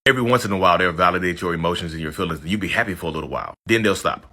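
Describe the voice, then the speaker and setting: A man's voice: deep voice, rapid-fire, bright, forceful tone. A man hosting his own channel, talking casually and emphatically to viewers, often repeating himself and saying "y'all". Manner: chatty, repetitive, says "y'all" often, emphatic. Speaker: YouTube host. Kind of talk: casual direct-to-camera talk.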